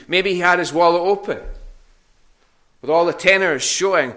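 A man's voice: a little high, moderate pace, sharp tone. A man preaching a sermon to a congregation in a church hall. He speaks conversationally and often repeats words while he searches for the next one.

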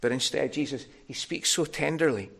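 A man's voice: a little high, moderate pace, vocal fry, fairly bright tone. A man preaching a sermon, earnest and tender, building to emphatic peaks.

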